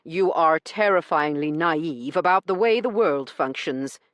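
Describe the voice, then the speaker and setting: A woman voicing a stern, blunt gentleman who lectures with dry sarcasm in an audiobook. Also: low voice, measured pace, dry recording. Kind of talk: audiobook character reading.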